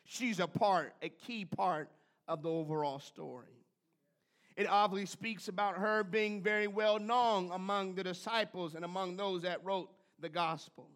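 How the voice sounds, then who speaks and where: A man's voice: high voice, steady tone, a little slow, fairly bright tone. A man preaching a sermon in a church, calling out to the congregation and building in fervor. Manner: preacherly, call-and-response with the congregation. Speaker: pastor. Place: church sanctuary.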